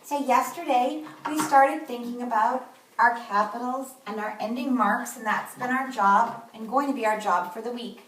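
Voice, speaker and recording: Brief: woman kindergarten teacher, fairly high voice, careful instructive delivery, recorded a bit off-mic. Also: fairly bright tone, distant mic, a little hiss or hum. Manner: slow, clear, instructive delivery. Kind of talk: remote classroom lesson. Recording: echoey room, voice from off-mic.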